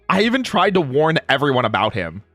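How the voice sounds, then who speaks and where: A man's voice: mid-range voice, sharp tone, dry recording. A man chatting casually on a livestream, ranting with lots of swearing and frequent laughter. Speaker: streamer.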